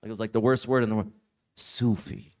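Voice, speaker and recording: A man teaching at a religious retreat, telling a personal story in a relaxed, conversational way, full of "like" and "you know.". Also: lowish voice, racing, smooth. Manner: casual, conversational, heavy use of "like". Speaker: Islamic teacher. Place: summer retreat lecture.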